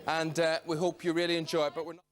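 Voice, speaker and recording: A man's voice: a little high, flat delivery, fast talker. A man hosting a game show, speaking to the studio audience with dry, self-deprecating humour.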